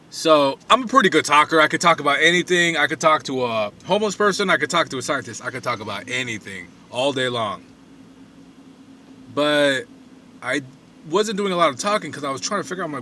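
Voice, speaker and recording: A man's voice: medium pitch, lively intonation, normal speed, bright, forceful tone, a little hiss or hum. A man vlogging alone on a phone camera, telling a story in a loose, rambling way full of fillers and quoted asides. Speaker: van-dwelling traveling vlogger. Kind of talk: casual storytelling monologue. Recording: voice slightly distant from the mic.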